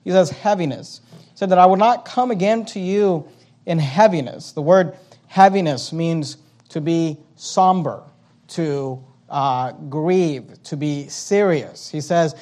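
High-voiced male pastor preaching. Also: takes it slowly. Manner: expository preaching, repeating key words and urging note-taking; grows louder and more emphatic when voicing the apostle's words. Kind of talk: sermon.

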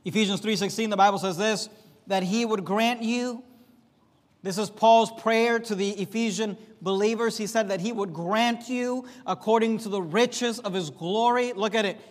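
Pastor mid-sermon: male, high voice, emphatic swings up and down, church-hall reverb. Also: fairly even intonation, moderate pace. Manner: emphatic, rising and dropping sharply for effect.

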